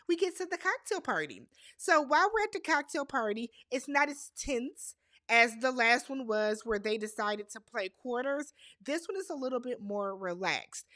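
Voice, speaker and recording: A woman giving casual, sassy commentary as she recaps a reality show, with animated reactions and slang asides. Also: a little high, dry recording, clean studio sound.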